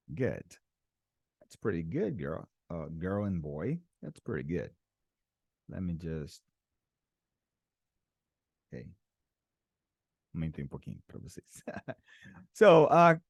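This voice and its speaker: A Brazilian man teaching an online English lesson, patient and slow, repeating words for his students. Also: fairly low pitch, gravelly, no echo, clean studio sound. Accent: Brazilian Portuguese. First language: Portuguese.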